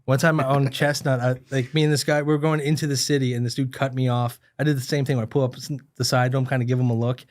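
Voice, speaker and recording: A man's voice: medium pitch, little pitch movement, fast talker, few pauses. A man co-hosting a comedy podcast, rambling through a long anecdote in casual chat. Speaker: podcast co-host.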